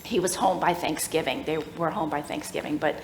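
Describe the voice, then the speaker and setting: A middle-aged woman telling a personal faith story at a church workshop, animated and laughing as she acts out the voices of people in the story. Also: sits low, fairly quick, slight background noise. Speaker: workshop speaker. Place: church room. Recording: echoey room with faint ambience.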